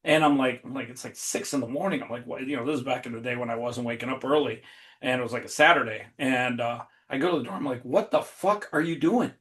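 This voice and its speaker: A man in a casual podcast chat, telling a long funny story in an animated way, swearing freely and laughing as he goes. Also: mid-range voice, quick pace. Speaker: podcast guest.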